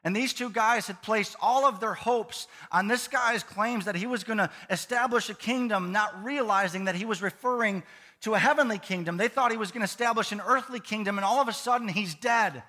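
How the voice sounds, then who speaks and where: A man preaching a sermon as pastor of a church, lively and conversational, with playful asides to the congregation. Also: sits high, brisk. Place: church sanctuary. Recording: long reverb of a church hall.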